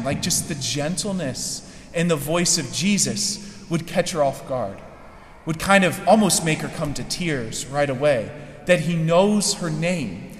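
A man's voice: fairly high pitch, slight background noise. A man preaching a sermon in a conversational way, often checking in with the listeners. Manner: conversational, keeps asking "right?". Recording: echoey hall with long reverb.

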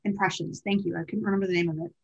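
A female podcast co-host tells a story casually, in a chatty, wandering way, correcting herself along the way. Her mid-range voice races along with fairly even intonation, and the recording sounds muffled.

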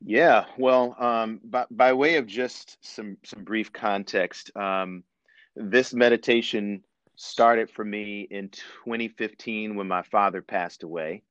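A preacher describing a devotional practice in a reflective, unhurried way, with many fillers. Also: male voice, on the low side, steady tone, a bit bright, no echo, highs cut off. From Ohio. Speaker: guest preacher. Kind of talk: phone-in devotional talk.

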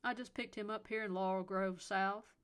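A woman reading the part of an elderly Southern police officer with a deep Southern accent, talking in a folksy, condescending way. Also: fairly even intonation, moderate pace, fairly bright tone, clean tone, natural voice. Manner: drawling, patronizing.

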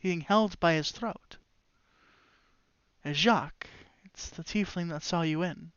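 A game master narrating a tabletop game, halting and full of restarts. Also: mid-range voice, fairly bright tone, smooth, no room sound, dull audio.

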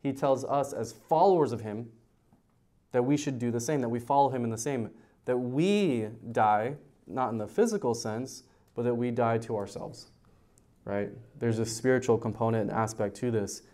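A youth pastor with a warm, medium-pitched voice teaches a verse-by-verse sermon at a church youth service, speaking at a moderate pace. He keeps it conversational and asks his listeners questions.

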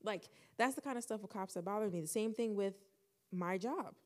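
A young woman co-hosting a podcast, telling a personal story in casual chat and acting out the dialogue with lively shifts. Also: medium pitch, fairly quick. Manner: animated, acts out quoted dialogue. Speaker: podcast co-host.

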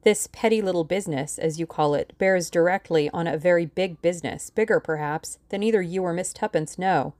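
A woman voicing a shrewd older male lawyer who speaks in a calm, dry, authoritative way. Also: fairly low pitch, fairly quick, few pauses, no echo, close to an everyday voice. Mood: measured.

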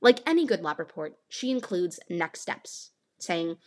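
A woman's voice: lowish voice, sing-song, a little slow. A woman from Northern California hosting a podcast, giving an earnest, explanatory scripted narration. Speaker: podcast host.

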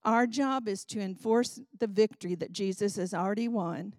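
A woman leading a Bible study, reading aloud from a book and teaching in an earnest, expressive way. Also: medium pitch, moderate pace, dry recording, clean studio sound.

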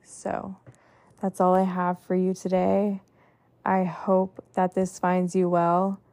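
This podcast host has a fairly low, mellow voice that stays monotone and moves at a slow pace. Earnest and heartfelt, her motivational monologue stacks long lists and is full of "like".

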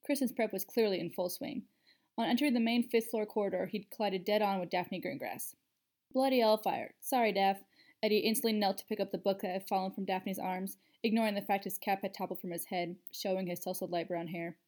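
A woman narrating a story aloud in a steady, even reading voice. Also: mid-range voice, fast talker.

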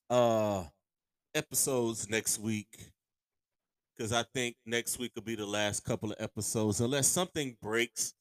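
A man hosting a podcast with a sore throat, ranting casually and profanely about sports, heating up to shouts. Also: medium pitch, smooth, no echo. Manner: profane, heated, rising to shouts. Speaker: podcast host.

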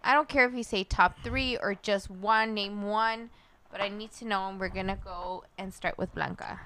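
A woman hosts a casual podcast, her bright voice giggly and a little bossy as she steers her guests. Her delivery is easygoing and conversational. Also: medium pitch, steady tone, normal speed. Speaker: podcast host. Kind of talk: casual chat.

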